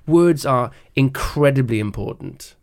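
A man co-hosting a podcast, speaking earnestly in conversation, with halting restarts. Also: medium pitch, animated, gravelly. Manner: earnest, halting restarts, acts out little anecdotes. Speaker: podcast co-host.

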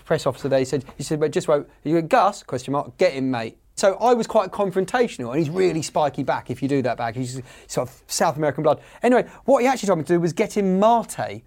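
Man, comedy panellist, rambling anecdote, fast, slightly high voice. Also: lively intonation, a little mellow. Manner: rambling, chatty storytelling with restarts. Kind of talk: telling an anecdote on a panel show.

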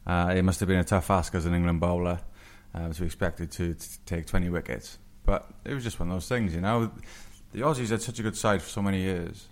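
A man's voice: low-pitched, fairly even intonation, brisk, few pauses. A man who played as a bowler, looking back in a reflective, plain-spoken way as a podcast guest. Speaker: former England bowler, guest. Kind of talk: casual chat.

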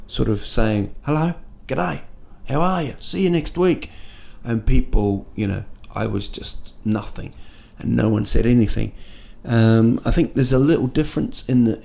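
A man's voice: medium pitch, steady tone, moderate pace, creaky, few pauses, mellow. A man, hosting a podcast as a comic monologue, rambling and jokey with lots of restarts and fillers. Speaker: podcast host and comedian. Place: indoors at night in a city.

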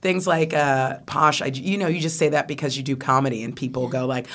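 American woman comic guest, lively chatty delivery, laughs often, restarts mid-thought. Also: rumbling low, brisk. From United States. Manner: animated, laughing, trailing restarts. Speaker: comedian guest. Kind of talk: casual interview chat.

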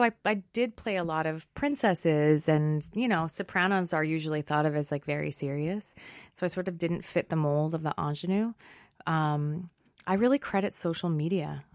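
Low-voiced animated woman, dry sound. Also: normal speed, dry recording. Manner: animated, self-deprecating, laughs often. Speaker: guest, Broadway actress. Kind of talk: casual interview chat.

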